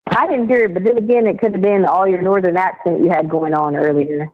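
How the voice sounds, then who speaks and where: A woman's voice: lowish voice, fairly even intonation, fairly quick. A woman in a laid-back, teasing phone chat about her day. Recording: tinny prison phone line.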